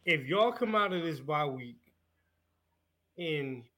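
A man co-hosts a casual sports podcast in a high, bright and forceful voice. He talks emphatically and tends to repeat his point for effect. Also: lively intonation, takes it slowly. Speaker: podcast co-host.

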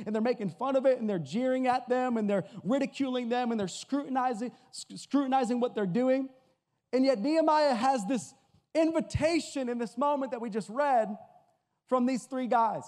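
A male pastor from Massachusetts preaching a sermon, telling a story with a joking, energetic delivery. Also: very high-pitched, moderate pace. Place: church hall before an audience. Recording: hall with long reverb.

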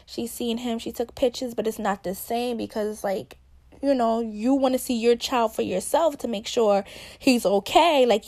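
A woman's voice: fairly high pitch, moderate pace, darkish tone. A young woman talking casually and candidly about a hard personal experience, with many fillers, some laughter, and emotion showing through. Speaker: podcast host.

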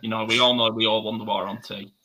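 A man's voice: fairly low pitch, level tone, quick pace, bright, forceful tone, rough recording. A man making wry, dry asides in casual podcast banter.

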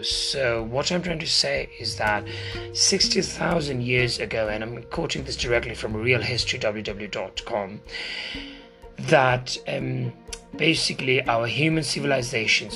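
A man's voice: mid-range voice, vocal fry, sharp tone. A chatty, hesitant man over music. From Asia. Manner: chatty, hesitant, many fillers and asides. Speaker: video host. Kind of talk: casual informal lecture. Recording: music playing behind.

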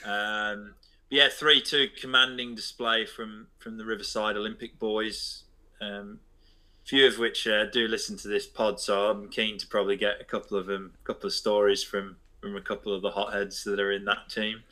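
Man, podcast co-host, bright and sharp tone, low-ish voice, rambling anecdotal chat. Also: flat delivery, moderate pace, rough recording. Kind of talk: casual chat.

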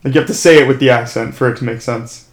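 A man co-hosting a podcast, chatting casually and joking among friends. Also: mid-range voice. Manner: excitable, jokey, quick to laugh. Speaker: podcast co-host. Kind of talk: casual chat.

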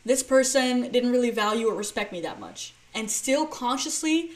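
A woman's voice: on the high side, animated, normal speed, darkish tone. A woman hosting a solo podcast, talking casually and explaining through playful everyday examples, with frequent restarts and fillers. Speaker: podcast host.

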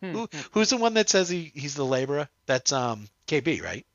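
A man hosting a podcast in casual chat, animated and laughing, tripping over his words. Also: a little high, moderate pace, dry recording, lo-fi sound. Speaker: podcast host.

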